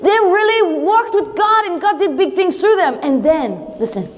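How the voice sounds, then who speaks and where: At a camp chapel, a female worship leader tells a Bible story in the first person to young campers, adding playful sound effects and questions. Her voice is very high with lively intonation at a normal speed. It was captured on an action camera in a hall with a long echo.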